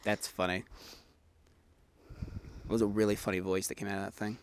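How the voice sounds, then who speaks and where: A man's voice: fairly low pitch, flat delivery, normal speed, slight background noise. A man hosting a ghost hunting vlog, talking casually and with wry jokes on location at an outdoor grave site. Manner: wry, joking, offhand.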